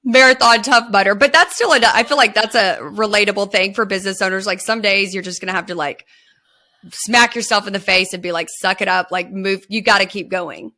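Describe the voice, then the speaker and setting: A woman hosts a casual business podcast, chatty and enthusiastic. Her voice is bright and forceful. She swears easily as she cheers her guest on. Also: mid-range voice, brisk. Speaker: podcast host. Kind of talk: casual interview chat.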